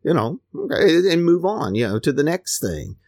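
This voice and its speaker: A podcast host from the United States delivers a casual, rambling monologue full of restarts and repeated words. His fairly high voice swings widely in pitch at a moderate pace, a little mellow, in a dry, clean studio recording.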